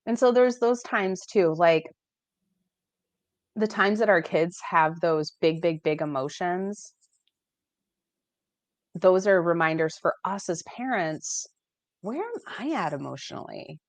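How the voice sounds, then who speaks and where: A woman's voice: lowish voice, slow pace, pauses often, no echo. An American woman in casual conversation, talking animatedly and acting out quoted dialogue, heard over a video call. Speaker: guest life coach. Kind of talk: casual chat.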